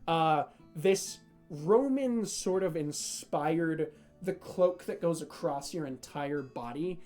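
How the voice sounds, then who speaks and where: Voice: medium pitch, takes it slowly, a little mellow, soft background music. Rambling, hesitant tabletop game master. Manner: rambling, hesitant, with many fillers.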